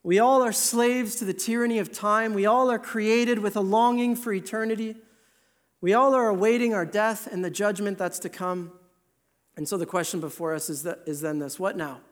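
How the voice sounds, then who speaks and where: A man preaching a sermon in an earnest, emphatic way, slowing down to stress key words. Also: sits high, steady tone.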